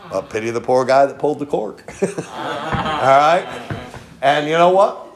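A man preaching a sermon in a folksy storytelling way, peppering his points with "okay?" and swinging from soft asides to loud emphatic lines. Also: on the high side, expressive, unhurried, crowd noise. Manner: folksy storytelling, frequent "okay?" tag questions. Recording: echoey room.

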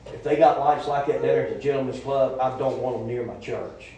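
A man's voice: mid-range voice, a little fast, mellow, slight background noise. A male pastor, preaching a sermon in a folksy, rambling way that restarts often. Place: church sanctuary. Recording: echoey church room.

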